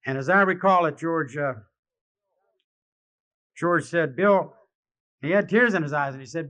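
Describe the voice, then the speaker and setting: A man giving a live personal testimony speech at a convention, wry and self-mocking, growing halting and emotional with many restarts. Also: on the high side, a bit bright. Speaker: speaker sharing his recovery story. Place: convention hall. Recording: dull lo-fi archival recording.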